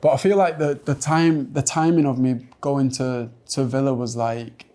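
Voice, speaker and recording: A young man from Manchester, a footballer guest on a podcast, who talks in a soft, reflective way with lots of fillers. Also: mid-range voice, steady tone, moderate pace. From Manchester, England. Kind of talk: casual podcast interview.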